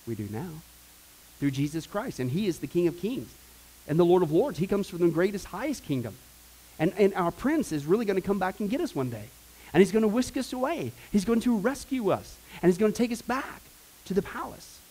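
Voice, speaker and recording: A man teaching a Bible class in a casual, rambling way, with joking asides and bursts of loud preaching. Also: high voice, sing-song, brisk, slightly rough, rough recording.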